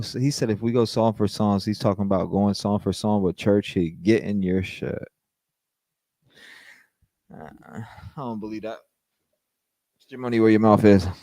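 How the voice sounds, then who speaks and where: Man hosting a livestream, profane and animated, dry close sound. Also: fairly low pitch, no room sound. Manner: profane, animated, mocks with put-on quotes. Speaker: livestream host. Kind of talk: casual livestream commentary.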